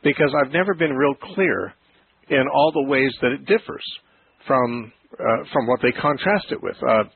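A man hosting a call-in Bible radio show, explaining ideas slowly and thoughtfully with frequent restarts. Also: medium pitch, expressive, creaky, husky, no echo. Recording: phone-like narrow radio sound.

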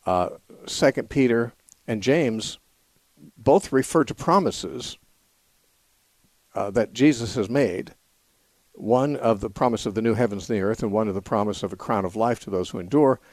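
A man with a low, darkish voice hosts a call-in program about the Bible, recorded dry on a studio mic. He gives careful, measured explanations and thinks aloud, occasionally backing up to restart a sentence.

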